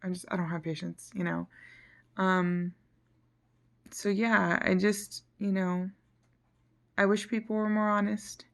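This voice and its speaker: A woman's voice: medium pitch, little pitch movement, unhurried, gravelly, pauses often. A woman talking frankly and a little frustrated in a casual vlog, rambling and sometimes dropping almost to a whisper, tired. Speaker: vlogger.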